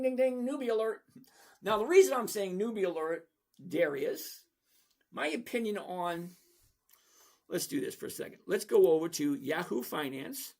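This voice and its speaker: A middle-aged man with a high, gravelly voice walks through stock charts in a blunt, sarcastic way. He talks straight to his viewers by name. His tone is casual and unfiltered. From lives in Florida. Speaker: trading channel host. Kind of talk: casual stock commentary over a screen share.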